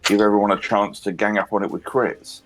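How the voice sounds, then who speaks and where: A man chatting loosely at a tabletop game, rambling and mimicking others with quick voices. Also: lowish voice, flat delivery. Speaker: dungeon master. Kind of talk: casual chat at a tabletop game.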